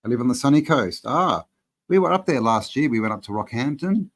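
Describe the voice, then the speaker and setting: A man hosting a live-stream Q&A, talking in a relaxed, rambling way and reading out viewers' chat messages. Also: medium pitch, fairly quick. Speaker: channel host answering live chat.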